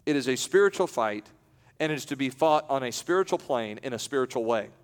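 A male pastor preaching a sermon in a conversational way, breaking off into quiet asides and then rising into loud, emphatic peaks. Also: medium pitch, lively intonation, brisk, smooth. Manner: conversational, with self-interruptions and light laughs. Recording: long hall reverb.

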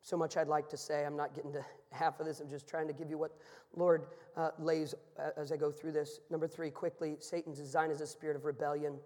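A high-pitched man preaches in a large church, and his voice trails off in a long hall reverb. He tells stories, dropping to a hush and then rising to a shout. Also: little pitch movement, a little fast. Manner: storytelling, swings from hushed to shouting. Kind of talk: sermon.

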